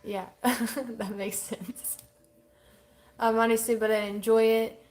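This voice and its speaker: Woman co-host reading comments fast, laughs a lot, slightly high voice. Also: fairly even intonation, a little mellow, slight background noise. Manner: laughs often, reads comments quickly. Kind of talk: casual livestream chat.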